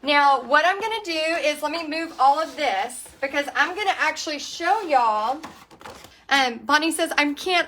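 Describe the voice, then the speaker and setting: A woman's voice: sits high, expressive, normal speed, fairly bright tone, slight background noise. A woman hosting a chatty live-streamed painting lesson, bubbly and reading viewer comments aloud as she works in a small home art space.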